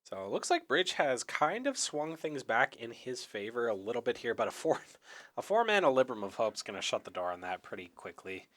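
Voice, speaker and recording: A young man, hoarse, casting a card game match solo in an easygoing, chatty play-by-play style. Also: medium pitch, very animated, moderate pace, a bit bright. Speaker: esports caster.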